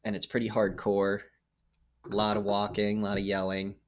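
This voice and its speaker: A man co-hosting a podcast, casually retelling a film's plot with animated acted-out quotes. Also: fairly low pitch, moderate pace. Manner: animated storytelling, acts out quotes. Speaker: podcast co-host. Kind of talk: casual movie recap chat.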